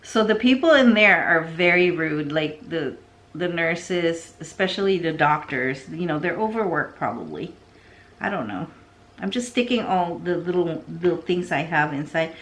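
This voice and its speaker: A middle-aged woman telling a long story in a casual, rambling way while she arranges plants, often dropping into soft asides. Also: deep voice, animated, normal speed. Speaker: succulent vlogger.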